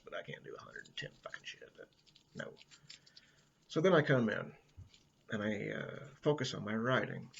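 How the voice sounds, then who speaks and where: A man's voice: medium pitch, creaky, a bit bright, dull audio, slight background noise. A middle-aged man rambling casually indoors, swearing often and laughing a lot. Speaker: vlogger. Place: indoors at a friend's house.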